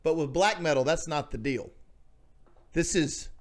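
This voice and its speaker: A man hosting a podcast in casual chat, telling stories in a rambling, excited way with many restarts. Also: on the high side, measured pace. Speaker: podcast host.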